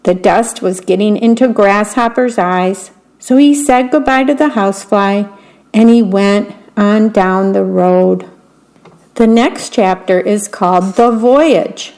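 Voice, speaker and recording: A woman volunteer broadcaster reading a children's bedtime story aloud, gently and unhurriedly, describing the pictures as she goes. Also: mid-range voice, a little slow.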